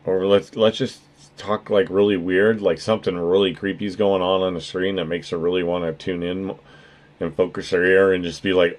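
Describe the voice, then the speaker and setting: A man's voice: low voice, flat delivery, moderate pace. A man chatting casually on his livestream, rambling and earnest, swearing freely as he thanks his viewers. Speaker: streamer.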